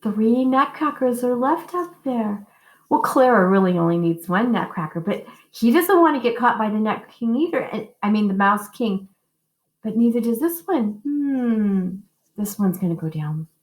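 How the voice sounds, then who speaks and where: A woman music teacher telling a story to young children and leading simple call-and-response singing, encouraging and sing-song. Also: animated. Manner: slow, sing-song and encouraging, modeling high and low notes for kids. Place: school music room. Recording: echoey classroom.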